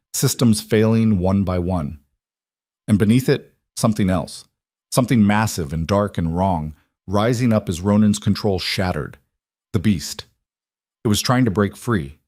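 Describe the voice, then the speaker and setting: Low-voiced man narrating an audiobook. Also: darkish tone, no room sound, studio quality. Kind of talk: scripted narration.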